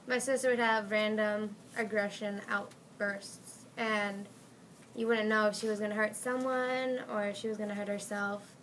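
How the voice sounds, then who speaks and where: A young woman speaks on a discussion panel in a bright, somewhat tense voice that stays fairly level in pitch. She talks earnestly and haltingly, with frequent fillers. Faint room noise sits behind her. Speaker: panelist, sibling of a brain injury survivor.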